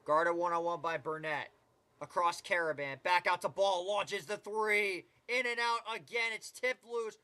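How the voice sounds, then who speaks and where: A man's voice: sits high, steady tone, unhurried, pushed and bright. A man doing casual live play-by-play commentary of a basketball game, with chatty asides and mild swearing.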